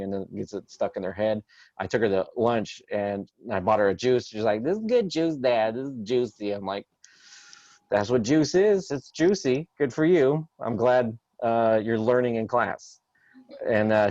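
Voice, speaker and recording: Over a video call, this comedian in his thirties rambles through his stand-up, hesitating often with fillers and suddenly getting loud when quoting outbursts. His voice sits on the low side, and the dry recording has its highs cut off.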